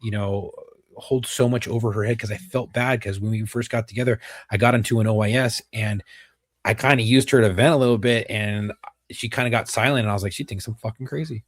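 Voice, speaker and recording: A man, a retired police officer, talking candidly as a podcast guest, halting and repeating himself, swearing casually. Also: on the low side, fairly even intonation, no echo.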